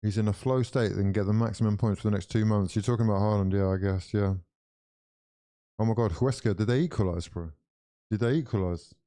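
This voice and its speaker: A young man commenting live on a football match for viewers, excitable and full of exclamations as he chats along. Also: lowish voice, a little fast. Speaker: watch-along streamer.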